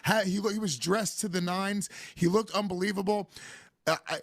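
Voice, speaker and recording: A man's voice: high voice, steady tone, normal speed, vocal fry, a bit bright, no room sound, studio quality. A man co-hosting a podcast, talking in a brash, jokey, profane way. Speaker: podcast co-host. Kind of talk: casual chat.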